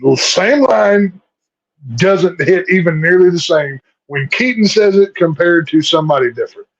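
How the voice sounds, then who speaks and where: A man hosting a casual movie review chat, making measured points and comparisons. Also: high-pitched, lively intonation. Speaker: podcast host. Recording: dull lo-fi audio.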